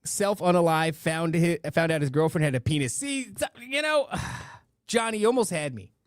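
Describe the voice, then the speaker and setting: A man's voice: fairly high pitch, lively intonation, moderate pace, clear, resonant tone, no echo, studio quality. A middle-aged man hosting a live-stream podcast, talking casually and rambling through stories with many restarts and asides. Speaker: podcast host reading donations and chat.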